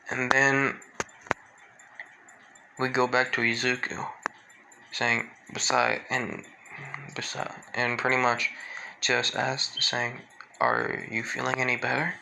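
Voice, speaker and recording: A man telling a fan story aloud, rambling and halting with fillers and restarts. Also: medium pitch, gravelly, background noise. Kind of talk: improvised fan-fiction narration.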